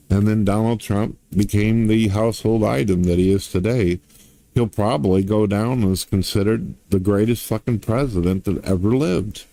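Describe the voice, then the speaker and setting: A middle-aged man delivers a profane, swaggering rant straight to his viewers. His voice sits low with a dark, mellow timbre. The sound is close and dry, with no room around it. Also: normal speed, no echo. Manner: crude, blunt, swaggering, lots of swearing. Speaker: online commentator.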